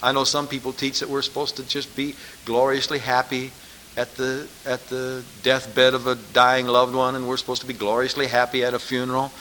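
A man's voice: medium pitch, monotone, moderate pace, bright, forceful tone, a little hiss or hum. A man preaching a sermon, pressing his listeners with emphatic rhetorical questions.

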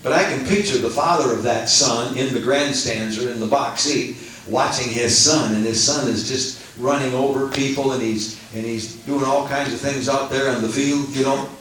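Folksy preacher in an echoey church. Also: male voice, mid-range voice, normal speed, recorded from a distance, slight background noise. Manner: animated, swells into excited outbursts, folksy fillers. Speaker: pastor. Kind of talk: sermon. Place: church sanctuary.

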